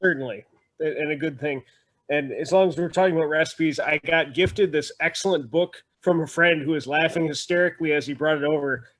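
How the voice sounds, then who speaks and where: A man's voice: a little high, fairly quick, fairly bright tone. Chatty man telling family stories. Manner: chatty storyteller, laughs often. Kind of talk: casual group video chat.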